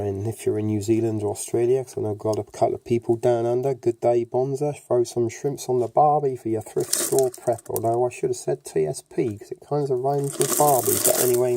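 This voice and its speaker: A man's voice: on the low side, creaky. A man with an English accent hosting a casual how-to demonstration, chatty and rambling with cheeky self-mocking asides. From England. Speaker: prepping channel host. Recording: bag crinkling noise over the voice.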